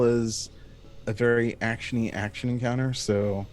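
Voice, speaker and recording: Animated man running a tabletop game. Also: mid-range voice, normal speed, faint music behind. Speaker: game master.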